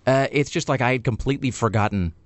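Male radio host, quick and lively, rambling banter, dry studio sound. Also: medium pitch, dry recording. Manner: rambling, animated storytelling with many fillers.

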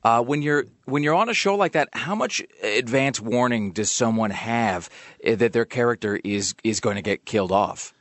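A man's voice: mid-range voice, moderate pace, a bit bright, dry recording. A man interviewing an actor, asking long, rambling questions. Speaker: radio interviewer.

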